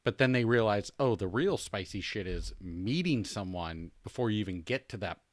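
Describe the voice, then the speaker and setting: A man co-hosting a casual podcast chat, telling stories in an animated, profane way. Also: fairly low pitch, slight background noise. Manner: animated storyteller, profane, quick backchannels. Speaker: podcast co-host.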